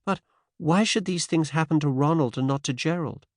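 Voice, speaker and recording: A man's voice: a little high, moderate pace, dry recording, clean studio sound, pitched above the performer's own voice, lightly acted. A male narrator voicing a determined American woman of about thirty with a faint American accent, earnest and worried. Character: determined American wife and mother around thirty. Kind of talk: audiobook character voice.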